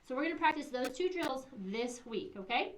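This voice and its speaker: High-voiced woman making school announcements. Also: animated, normal speed. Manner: sing-song teacherly, acts out kids' lines. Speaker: school administrator giving morning announcements. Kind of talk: school morning announcements to children. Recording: echoey room, far from mic, faint hiss.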